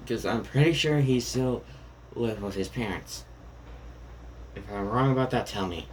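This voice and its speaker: A man casually retelling a fan story out loud, rambling with many fillers and self-corrections. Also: mid-range voice, a little slow, a little hiss or hum, low-quality recording.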